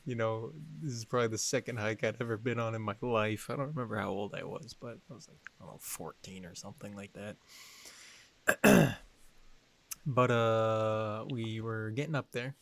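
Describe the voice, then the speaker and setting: A young man co-hosting a podcast, telling a story in an animated, excitable way, full of fillers. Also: on the low side, moderate pace, gravelly. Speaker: podcast co-host. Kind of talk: casual storytelling chat.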